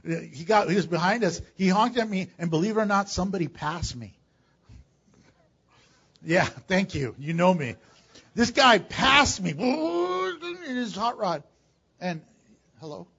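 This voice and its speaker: An older man preaching a sermon as pastor, animated and joking, with sudden loud bursts. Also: high-pitched, a little slow, vocal fry, long pauses, slightly rough, muffled recording. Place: church.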